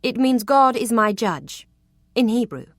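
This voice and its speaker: A woman's voice: fairly high pitch, animated, measured pace, dry recording, voice pushed up. Teasing young regency lady voiced by a woman, coquettish, arch, dry close sound.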